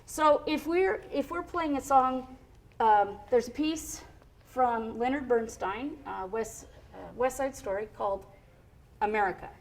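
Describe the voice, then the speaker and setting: A woman with a slightly high voice teaches music on a studio show. She explains rhythm to a young student in a chatty, encouraging way and hums the beats as she goes. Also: unhurried. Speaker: music educator. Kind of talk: explaining music to a child on air.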